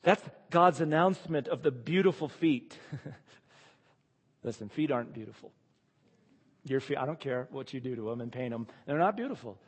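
A man preaching a sermon and reading scripture aloud. He is emphatic and swings between loud declarations and hushed asides. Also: medium pitch, animated, a little fast, husky, in a large hall.

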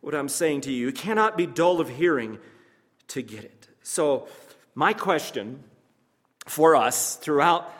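A man's voice: a little high, expressive, a bit bright. Man preaching in an echoing hall. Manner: measured, emphatic preaching with pauses and asides to the congregation. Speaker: pastor. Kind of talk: sermon.

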